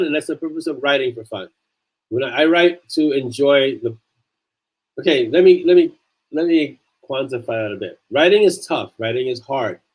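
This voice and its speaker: A man's voice: medium pitch, darkish tone, slightly rough, low-quality recording. A man, an author hosting a casual livestream chat, talking earnestly and repeating phrases for emphasis.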